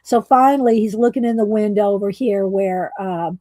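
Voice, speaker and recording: A woman's voice: mid-range voice, normal speed, mellow, no room sound. A woman hosting a coloring livestream, chatting casually and rambling with fillers and restarts. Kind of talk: casual chat while coloring.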